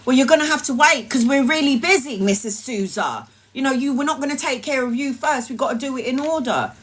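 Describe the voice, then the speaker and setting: A woman voicing a rude, busy woman nurse who talks briskly and curtly. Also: sits high, fairly bright tone, slightly rough, voice pushed up. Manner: brisk and curt.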